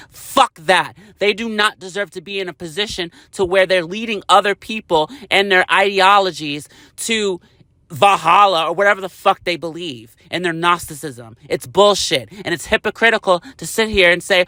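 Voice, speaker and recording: Male vlogger, high bright voice, angry profane rant, dry close sound. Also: moderate pace, dry recording. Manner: heated, profane, emphatic.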